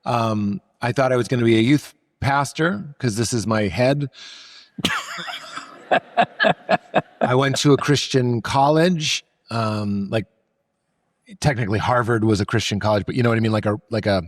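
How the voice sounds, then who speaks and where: A man's voice: medium pitch, unhurried, long pauses. A middle-aged man from Massachusetts, a comedian, telling stories in casual conversation, joking and self-deprecating. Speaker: comedian guest.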